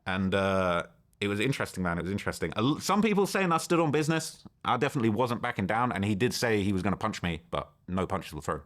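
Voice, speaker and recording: A man's voice: fairly low pitch, big pitch swings, fast talker, a bit bright. A man guesting on an interview, animatedly retelling a story in slangy speech and acting out what others said.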